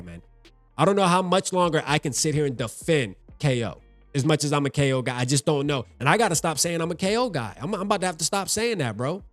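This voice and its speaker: A man's voice: fairly high pitch, a bit bright, dry recording. A young man talking casually and with feeling as the host of a fan video, reading out viewer comments. He repeats himself and drops "man" and "bro" through his talk.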